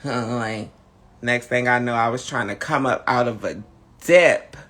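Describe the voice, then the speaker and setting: Sassy drawling camp live-stream host. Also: male voice, medium pitch, a little slow, fairly bright tone. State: tired, low energy. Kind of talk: casual live-stream chat.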